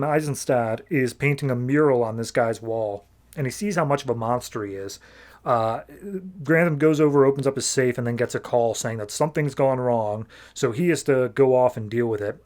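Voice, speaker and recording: A young man hosting a podcast. He recaps comics in a loose, casual way, full of "like," and he sums up characters in quick asides. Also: mid-range voice, darkish tone. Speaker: podcast host reviewing comics.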